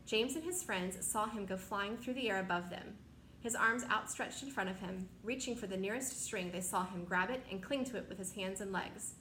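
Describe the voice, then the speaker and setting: A woman reading a children's novel aloud as narrator, with steady, expressive storytelling. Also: medium pitch, normal speed. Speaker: reader. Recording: echoey room, faint noise.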